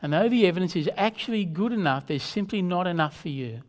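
Earnest man preaching a measured sermon. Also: high-pitched, lively intonation. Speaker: pastor.

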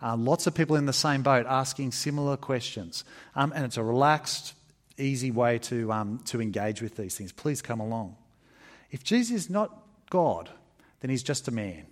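A man preaching a sermon in an emphatic, conversational way, with fillers and restarts. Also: normal speed. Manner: expressive, emphatic preaching with varied pitch. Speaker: pastor.

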